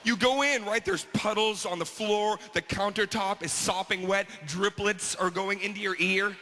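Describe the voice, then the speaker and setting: Bright-voiced man ranting on stage. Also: high-pitched, fairly even intonation, moderate pace, big-room sound, faint music behind. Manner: crude, exasperated observational storytelling. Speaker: stand-up comedian. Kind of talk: stand-up comedy set.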